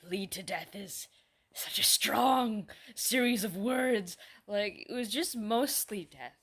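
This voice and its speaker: A woman performing a comedy sketch, voicing several characters in sarcastic, deadpan banter with casual swearing. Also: medium pitch, slow, slightly rough.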